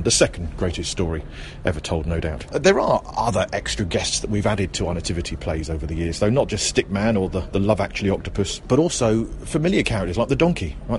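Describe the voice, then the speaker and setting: Man, middle-aged, host, quick, lowish voice, chatty, self-correcting, outdoors, faint traffic behind. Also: a little mellow. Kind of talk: casual talk about Christmas history. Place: outdoors near a road, out shopping.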